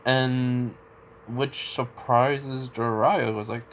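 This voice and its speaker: A man's voice: mid-range voice, steady tone, a little slow, bright, forceful tone, slight background noise. Guy rambling through a story, lots of "like" and restarts, mid voice. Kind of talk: casual story retelling.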